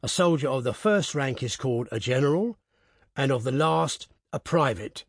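A man's voice: medium pitch, lively intonation, normal speed, breathy edge, no room sound, clean studio sound. A man reading aloud, voicing a pompous ex-soldier letter-writer who dictates in an officious, self-important manner.

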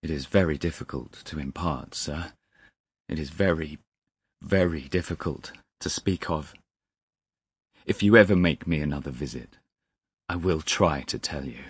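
A man voicing a troubled railway signalman who speaks low and grave, close to a whisper. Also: unhurried, long pauses, slightly rough, dry recording, heavily acted. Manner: low, hushed, grave delivery. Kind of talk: audiobook character reading.

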